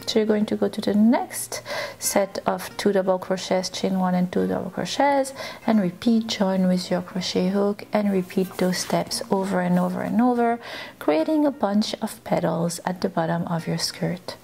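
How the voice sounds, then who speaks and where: A woman's voice: medium pitch, moderate pace, vocal fry, warm tone. A woman hosting a crochet tutorial, chatting playfully with her viewers as she walks through the steps. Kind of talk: casual instructional chat.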